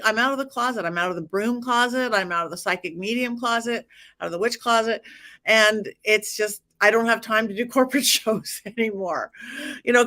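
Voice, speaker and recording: A woman's voice: mid-range voice, bright, forceful tone. A middle-aged woman, a psychic medium guest, telling stories in a casual interview, acting out dialogue and laughing often.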